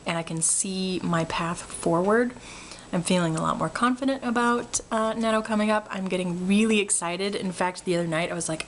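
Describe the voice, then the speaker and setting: A woman's voice: mid-range voice, fairly quick. A woman talks straight to her viewers in a loose, rambling vlog, jittery with energy from too much coffee. She laughs often as she goes. A faint noise sits under her voice. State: caffeinated. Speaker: writing vlogger. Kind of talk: casual chat to camera.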